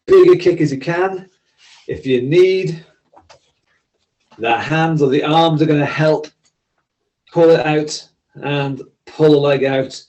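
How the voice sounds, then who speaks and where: A man's voice: fairly high pitch, takes it slowly, pauses often, a little mellow, poor audio. Friendly man coaching a workout. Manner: encouraging, friendly, clear step-by-step cues. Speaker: exercise instructor. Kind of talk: leading a seated workout class.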